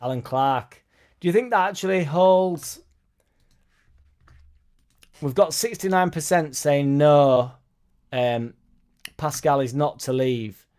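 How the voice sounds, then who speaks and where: A man's voice: fairly high pitch, takes it slowly, pauses often, darkish tone, clean tone. Chatty man reading out live comments. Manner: chatty, reads out viewer comments and replies. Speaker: fan channel host reading live chat. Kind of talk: casual live stream chat.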